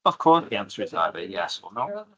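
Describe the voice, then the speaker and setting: A man's voice: fairly low pitch, huge pitch swings, fairly quick, crowd noise, low-quality recording. A man teaching an online English grammar lesson, patiently explaining and asking rhetorical questions.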